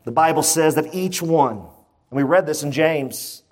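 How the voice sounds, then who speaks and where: Man, pastor, high-pitched voice, emphatic sermon, repeats points, questions to the congregation. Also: measured pace. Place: church sanctuary with a congregation.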